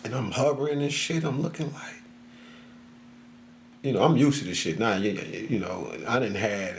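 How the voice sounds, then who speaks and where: A man's voice: mid-range voice, normal speed. Man storyteller, loose and profane, rambles and laughs, faint hiss behind. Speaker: social media storyteller. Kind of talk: casual storytelling.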